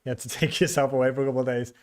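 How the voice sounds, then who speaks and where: A man's voice: mid-range voice, level tone, rapid-fire, a little mellow. A man hosting a casual livestream, reading out viewer comments, teasing them and laughing often. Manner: chatty, teasing, laughs often, frequent restarts. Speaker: livestream host.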